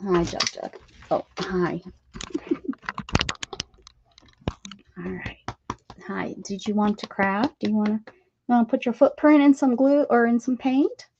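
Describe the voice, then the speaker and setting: A woman's voice: a little high, fairly even intonation, a little slow, long pauses, muffled recording, noisy background. A woman hosting a casual crafting livestream, chatting and talking baby-talk to her cat as she works. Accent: American. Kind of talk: casual chat while crafting.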